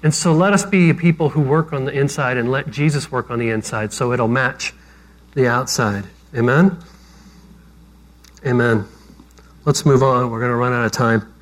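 A man's voice: mid-range voice, normal speed, pauses often. A man preaching a sermon as pastor, talking conversationally with self-deprecating jokes.

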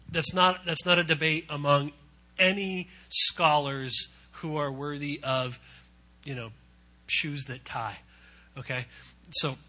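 Male preacher, bright and fairly high, conversational sermon with big dynamic swings. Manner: dynamic, swings from hushed to loud emphatic; repetitive, conversational asides. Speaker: pastor.

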